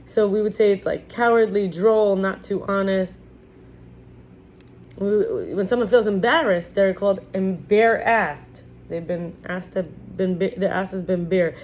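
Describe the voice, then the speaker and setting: A woman's voice: mid-range voice, measured pace, a little mellow, slight background noise. Woman, casual spiritual teacher, chatty, frequent restarts, reads aloud from a book.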